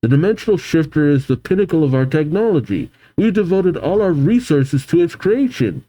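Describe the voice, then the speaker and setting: A man's voice: on the high side, lively intonation, brisk, dark tone, pitched above the performer's own voice, rough recording. A man reading the lines of an earnest, pleading company president from a manga.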